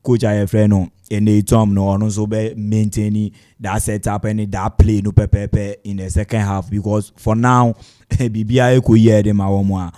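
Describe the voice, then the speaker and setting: Man, radio football analyst, low mellow voice, hesitant, lots of fillers. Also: moderate pace. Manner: hesitant, many fillers, steady analytic talk, soft laughs. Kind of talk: live match analysis.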